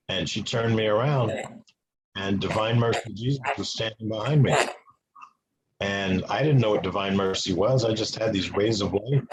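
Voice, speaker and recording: A man giving an earnest personal testimony as an interview guest. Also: lowish voice. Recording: noisy with clicks.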